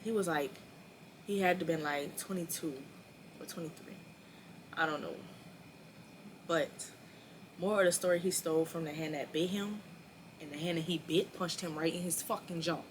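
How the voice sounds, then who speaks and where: A woman in her early twenties telling a personal story in a casual, animated and profane way, acting out the dialogue. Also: sits low, moderate pace, pauses often, slight background noise. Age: early 20s. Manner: animated, blunt and profane, acts out quoted dialogue. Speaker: storyteller vlogger.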